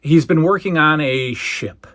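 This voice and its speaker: A man hosting a casual solo recap, telling the story in an animated way and acting out the quoted lines. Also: a little high, a little slow. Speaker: podcast host reviewing old wrestling shows.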